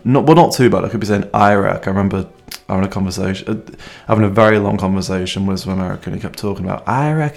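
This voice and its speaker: A man's voice: on the low side, vocal fry. A man hosting a music show, introducing songs in a rambling, hesitant way with lots of ums and self-mocking asides, talking into a microphone with headphones on. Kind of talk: casual radio-style song introductions.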